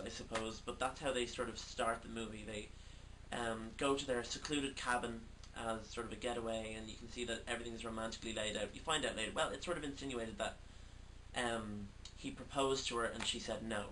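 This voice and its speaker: A man's voice: mid-range voice, fairly even intonation, normal speed, bright, forceful tone, recorded from a distance, low-quality recording. Brief: male host of a casual film review, hesitant and filler-heavy delivery, recorded some way from the mic with faint noise underneath. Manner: hesitant, with many "sort of" and "um".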